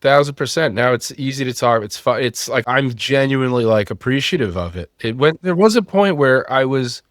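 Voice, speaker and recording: A man's voice: mid-range voice, expressive, moderate pace, few pauses, no room sound, clean studio sound. Frank, freely swearing man in his thirties. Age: 30s. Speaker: company founder. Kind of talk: candid podcast conversation.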